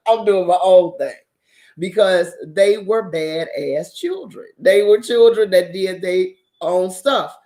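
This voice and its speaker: Lady telling a wild story, cussing and laughing, loud and lively. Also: lowish voice. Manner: profane, animated, laughs often. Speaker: channel host. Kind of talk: casual storytelling.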